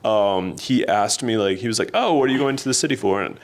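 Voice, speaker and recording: A man co-hosting a podcast, telling stories in a casual, animated way and laughing often. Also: lowish voice, brisk. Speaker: podcast co-host. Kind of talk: casual storytelling chat.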